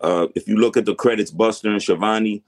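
A man's voice: on the low side, fairly even intonation, fast, darkish tone. A middle-aged man speaking as a guest in a casual interview, laid-back and frank with slangy talk.

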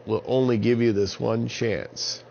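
A bold young hero issuing warnings, voiced by a man reading a kids' story, raised and commanding with a gravelly edge. The recording is a bit dull with faint hiss. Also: medium pitch, steady tone, measured pace, a little mellow, pitched above the performer's own voice.

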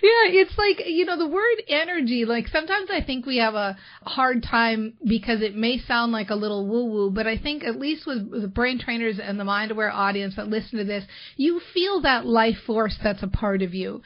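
A woman's voice: on the high side, normal speed, hardly any pauses, highs cut off. A woman hosting a podcast, chatting enthusiastically and filling her talk with "like" and "you know". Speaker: podcast host. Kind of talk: casual interview chat.

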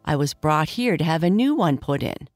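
A woman's voice: deep voice, animated, moderate pace, no room sound, soft background music. A woman voicing a broken male jack-in-the-box toy, plaintive and questioning.

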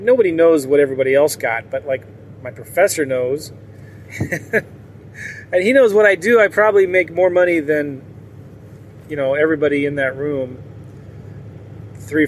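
A man chats candidly to his audience, wandering from point to point and chuckling often. His voice sits a bit high for a man. A faint hum of traffic and ambient noise runs under him. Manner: rambling, candid, laughs often. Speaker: vlogger. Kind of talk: casual monologue to viewers.

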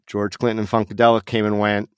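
Man, middle-aged, from Las Vegas, low voice, dry close mic, animated storyteller, podcast guest. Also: fast, clear, resonant tone, no room sound. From Las Vegas, USA. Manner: animated anecdote teller, laughs often, acts out voices. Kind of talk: casual storytelling chat.

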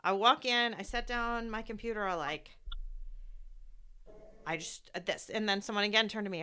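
Speaking at a moderate pace with long pauses, this medical provider uses a medium-pitched, bright, forceful voice with fairly even intonation. Hosting a frank talk on grief, she shares heartfelt stories and voices the words of others.

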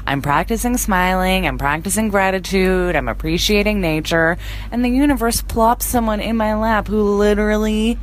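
A woman co-hosting a podcast, chatting casually with wry, deadpan banter. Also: mid-range voice, slight background noise. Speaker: podcast co-host. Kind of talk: casual chat.

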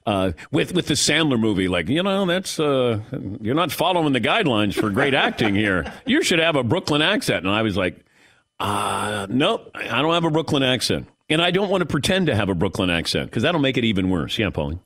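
Animated talk-radio host, dry sound. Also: male voice, medium pitch, dry recording. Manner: storytelling, animated, quick asides.

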